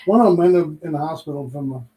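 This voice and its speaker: A woman's voice: low voice, fast talker, dark tone. A woman co-hosting a casual chat who drops short interjections and dry quips. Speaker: co-host. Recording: echoey room with faint ambient noise.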